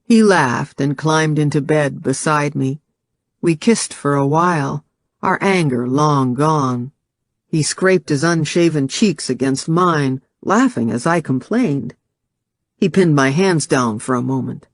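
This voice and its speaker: A man narrates a first-person novel as an audiobook, telling the story in a measured, steady way. His voice is on the high side, recorded on a close studio mic with no room sound.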